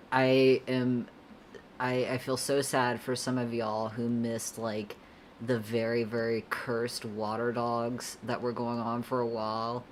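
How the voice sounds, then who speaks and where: Young woman artist streamer, very deep voice, slow easy delivery, giggly and rambling. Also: a little hiss or hum. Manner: laid-back, rambling, giggly, slangy. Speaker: artist streamer answering chat. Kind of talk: casual livestream chat while drawing.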